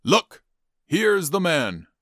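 A man's voice: fairly high pitch, very animated, extremely slow, fairly bright tone, no echo, clean studio sound, voice pushed up, heavily acted. A man voicing a stern, uneasy male Roman governor in a Bible reading, with raised, insistent questions.

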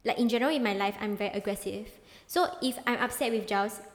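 A woman's voice: mid-range voice, fast, in a large hall. A young woman hosting a podcast, talking frankly and emotionally in casual chat. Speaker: podcast host.

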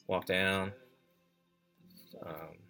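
A man with a lowish voice and a very bright, forceful edge tells a personal story in a reflective, halting way. He pauses on fillers and restarts as he recalls things. Soft music plays faintly behind him. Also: flat delivery, gravelly. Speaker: podcast host telling a personal story.

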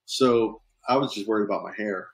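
Man, lowish voice, police officer, laid-back storyteller, says "man" a lot. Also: brisk, rough recording. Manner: easygoing, peppers talk with "man". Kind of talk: casual storytelling.

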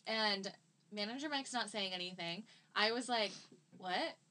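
A woman's voice: mid-range voice, normal speed, bright, forceful tone. A young woman in her twenties co-hosting a podcast, blunt and casual, swearing freely. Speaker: podcast co-host. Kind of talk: casual chat.

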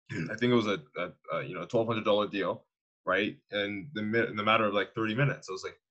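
Young canadian guy, lowish voice, slangy and laughing through his stories. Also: a little fast, muffled recording. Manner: slangy, animated storyteller who laughs often. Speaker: guest, online fitness coach. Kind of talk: casual conversational interview.

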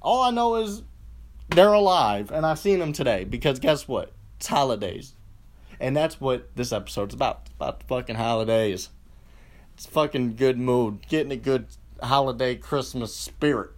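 A man's voice: medium pitch, expressive, moderate pace. A man hosting a solo podcast, ranting in a rambling, profane and sarcastic way. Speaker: podcast host.

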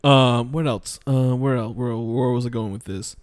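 A man's voice: medium pitch, fairly even intonation, moderate pace, no echo, studio quality. A man chatting casually about a bad movie, rambling, swearing and trailing off mid-thought. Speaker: podcast co-host reviewing bad movies. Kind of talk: casual profane chat.

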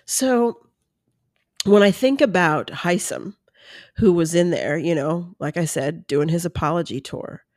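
A woman's voice: fairly low pitch, measured pace, darkish tone, no room sound, clean studio sound. A middle-aged woman hosting a casual solo podcast, chatty and self-deprecating, acting out her own inner voice as she talks. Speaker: podcast host.

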